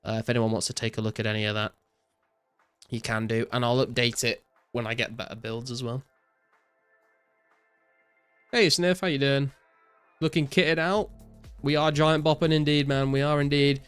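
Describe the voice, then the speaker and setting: A young man streaming a game, reading chat aloud and answering viewers in a relaxed way, full of "like" and "um". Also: mid-range voice, moderate pace, pauses often, smooth, no echo, soft background music. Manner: relaxed, reads out chat messages and answers viewers with many fillers. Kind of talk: casual live-stream chat while gaming.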